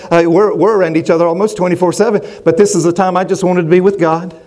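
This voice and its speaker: High-voiced preacher man, emphatic. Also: steady tone, fast talker, a little mellow. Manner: emphatic, repetitive, with frequent restarts. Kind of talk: sermon.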